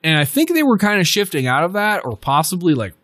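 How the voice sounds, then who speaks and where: A man's voice: sits high, big pitch swings, fast, a bit bright, dry recording, studio quality. A man in casual podcast chat, rambling and filling his talk with "like" and self-corrections.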